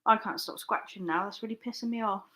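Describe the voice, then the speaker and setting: A woman's voice: medium pitch, quick pace, bright, forceful tone. Chatty woman live-streaming. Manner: chatty, rambling, laughs often, swears casually. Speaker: online reseller live-streaming. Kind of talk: casual live-stream chat.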